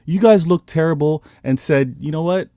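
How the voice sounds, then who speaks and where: A man's voice: fairly high pitch, normal speed, warm tone, no room sound, clean studio sound. A man on a football podcast panel, arguing heatedly and pleading for his turn to speak.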